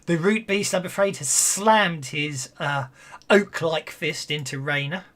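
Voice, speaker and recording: A game master narrating an online tabletop session in a middle-pitched voice. The delivery is hesitant and full of restarts, often breaking into chuckles between rulings. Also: a little slow, a bit bright.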